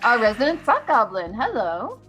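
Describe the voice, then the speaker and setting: A woman's voice: fairly high pitch, wildly swooping pitch, moderate pace, a bit bright, soft background music. A woman co-hosting a live podcast in casual chat, cheerful and welcoming. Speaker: podcast co-host.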